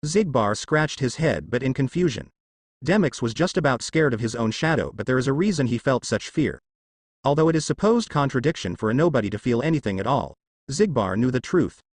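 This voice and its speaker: A man reading fan fiction aloud as narrator in a steady storytelling way. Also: medium pitch, fairly quick, dry recording, studio quality.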